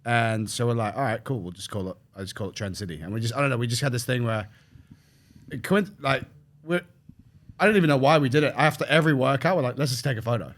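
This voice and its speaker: A man from the UK, a strength coach, telling stories as a guest in a casual podcast chat, animated and peppered with "mate". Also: medium pitch, fast talker. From United Kingdom. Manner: animated storyteller, swears, says mate.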